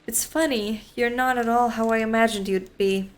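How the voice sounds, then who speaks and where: A woman's voice: on the high side, fairly even intonation, normal speed, close to an everyday voice. A woman reading as a breezy, blunt stallholder. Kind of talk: reading a visual novel aloud.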